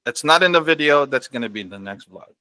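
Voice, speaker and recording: A man's voice: mid-range voice, expressive, fast talker, bright, forceful tone, dry recording. A man from the US East Coast, a guest on a radio show, chatting casually with small grammar slips. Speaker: guest vlogger. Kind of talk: casual chat.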